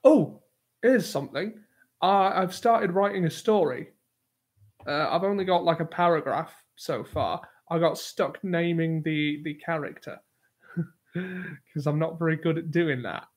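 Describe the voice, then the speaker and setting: A man's voice: on the high side, measured pace. A man hosting a casual livestream, reading out chat questions with easy chuckles and self-deprecating remarks. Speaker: livestream host. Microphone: new desktop microphone.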